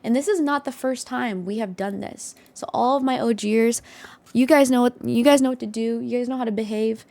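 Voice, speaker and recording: A young woman hosts a casual live stream from her desktop setup, bubbly, hyped, and high-energy. She talks a little fast in a mellow voice, with no room sound.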